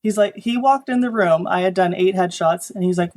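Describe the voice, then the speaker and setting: Woman photographer telling lively work stories. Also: on the low side, brisk, few pauses. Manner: animated storytelling, acting out quoted people. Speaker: corporate photographer guest. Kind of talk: conversational interview.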